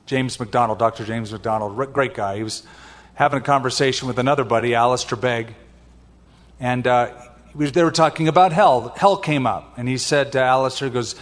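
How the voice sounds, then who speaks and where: A man's voice: medium pitch, a little fast, long reverb tail. An older man preaching a sermon in a conversational way, with personal asides. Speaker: pastor.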